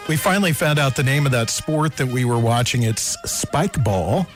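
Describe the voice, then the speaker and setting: A man's voice: medium pitch, lively intonation, moderate pace, soft background music. A man co-hosting a sports radio show, talking casually and rambling as he thinks aloud. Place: radio studio.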